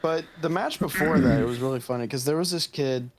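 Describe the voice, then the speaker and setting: A man's voice: fairly high pitch, a little fast. A young man co-hosting a casual gaming podcast, telling stories with heavy swearing. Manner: profane, animated storytelling. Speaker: podcast co-host.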